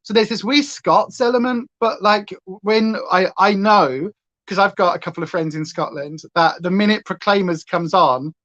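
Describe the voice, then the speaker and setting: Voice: mid-range voice, moderate pace, a bit bright. A makeup livestream host with a Northern English accent, chatting casually and going off on rambling tangents while doing makeup. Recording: slightly dull lo-fi sound.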